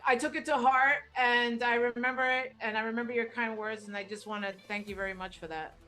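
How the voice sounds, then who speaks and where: A woman's voice: a little high, fairly even intonation, fairly quick, sharp tone, faint music behind. Sincere woman speaking on a live stream. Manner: sincere, grateful. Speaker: host's girlfriend, guest. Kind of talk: casual live-stream chat.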